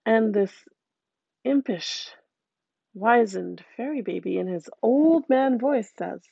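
A woman telling a folktale aloud in a lively, conversational way with asides to listeners. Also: fairly high pitch, slow, vocal fry, breathy edge, dry recording, lo-fi sound. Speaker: storyteller.

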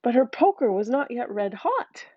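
A woman telling a folktale aloud in a lively, conversational way with asides to listeners. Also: fairly high pitch, moderate pace, no echo, lo-fi sound. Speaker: storyteller.

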